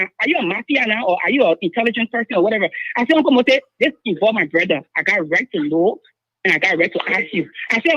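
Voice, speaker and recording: This caller, a woman with a Liberian English accent, has a slightly high, somewhat bright voice with a breathy edge, recorded dry over a dull phone line. She phones in to a show with an emotional account, pressing her point urgently and saying things again and again.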